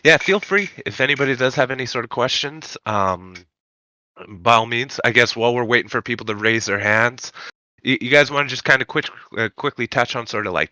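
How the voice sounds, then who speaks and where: A man's voice: on the low side, pushed and bright, clean tone, dry recording. A man hosting a casual online Q&A with a stuffy, nasal voice, easygoing and inviting, with many fillers. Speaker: host of the AMA.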